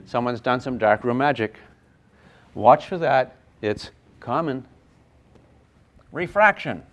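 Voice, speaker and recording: An older man teaching a physics class, lively and playful, with sound effects and acted asides. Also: medium pitch, slow, lo-fi sound. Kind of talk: classroom lecture at a whiteboard.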